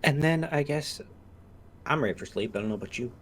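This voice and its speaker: A man playing a tabletop role-playing game, describing his character's actions in a relaxed, rambling way with lots of "like" and "you know". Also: mid-range voice, a little fast, a little hiss or hum. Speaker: player. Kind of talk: casual tabletop play.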